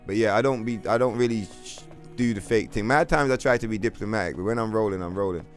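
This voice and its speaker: A man with a London accent chats through a game livestream in a fairly low voice, blunt and full of swearing. He keeps up a trollish, casual banter with his viewers. Game music plays faintly behind him. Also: fast talker. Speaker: game streamer.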